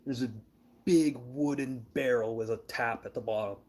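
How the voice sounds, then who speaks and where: A man's voice: mid-range voice, normal speed, darkish tone. A man telling rambling, casual stories, swearing freely and laughing as he goes. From Canada. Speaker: show host. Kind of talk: casual storytelling chat.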